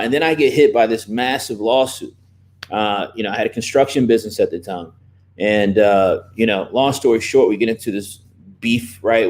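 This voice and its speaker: A man's voice: fairly low pitch, a little mellow. A man, a real estate investor, telling stories casually in a podcast interview, with "man" and "you know" in nearly every sentence. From Virginia.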